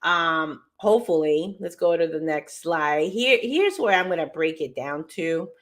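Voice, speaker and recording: A middle-aged woman hosting a morning show in energetic, casual chat, talking straight to viewers and her crew. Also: sits low, unhurried.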